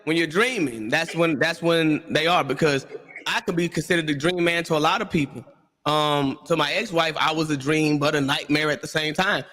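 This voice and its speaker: High bright-voiced guy on a panel, acts out all the quotes, big echoey room. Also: normal speed. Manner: animated storyteller, acts out quotes. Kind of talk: animated panel discussion.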